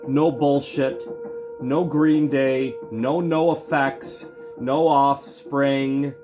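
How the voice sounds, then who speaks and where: A man in a casual, profane vlog monologue, excitable and emphatic, swearing constantly and firing off punchy lists. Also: medium pitch, extremely slow, music in the background. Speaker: vlogger showing his record purchases.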